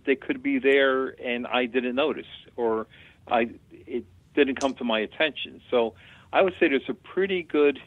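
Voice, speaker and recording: A man's voice: mid-range voice, no room sound. A man who works as a medium, a guest telling chatty, plain-spoken anecdotes in an interview. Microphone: phone call. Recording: tinny dry phone line.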